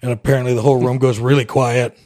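A man's voice: mid-range voice, flat delivery, quick pace, a little mellow. A middle-aged man from Canada, a military veteran guest on a podcast, telling his story candidly with a wry edge, acting out the dialogue, with frequent fillers.

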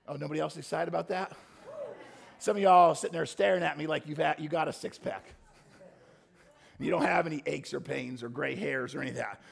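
A man preaching a sermon to a congregation, talking casually and joking with them, then building up to fervent shouted pleas. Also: a little high, normal speed, vocal fry, long pauses, husky. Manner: swings from soft asides to fervent shouted pleading prayers. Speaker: pastor.

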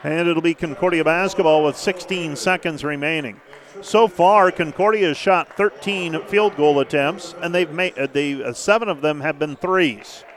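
A man calling live basketball play-by-play, brisk and name-by-name, with stat asides between plays. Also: fairly high pitch. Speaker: play-by-play announcer.

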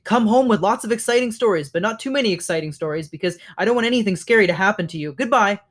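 A man voicing a chatty, excitable male squirrel in a storybook reading, rattling his words off quickly. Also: high-pitched. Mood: fussing. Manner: rapid, rushed chatter.

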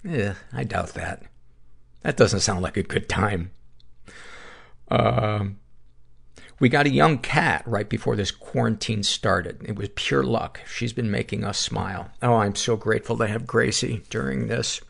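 A man's voice: on the low side, measured pace, gravelly, fairly bright tone, husky. A middle-aged man hosting a podcast, reading listener submissions aloud and adding wry asides between them. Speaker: podcast host.

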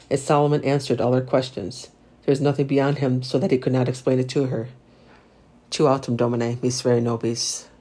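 A man reciting the Divine Office, reading psalms and lessons in a steady liturgical recitation. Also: mid-range voice. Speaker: prayer leader.

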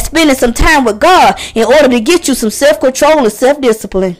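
A woman's voice: high-pitched, lively intonation, brisk, few pauses. A woman hosting a preaching podcast, talking passionately to her listeners and calling out to them again and again. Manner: impassioned, calls out to listeners; conversational preaching with repetitions.

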